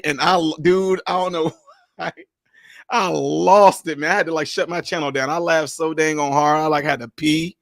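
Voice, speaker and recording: A man hosting a livestream, telling stories in a lively, casual way and laughing often. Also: a little high, normal speed, creaky, no room sound, studio quality. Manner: animated storyteller, laughs often. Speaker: livestream host.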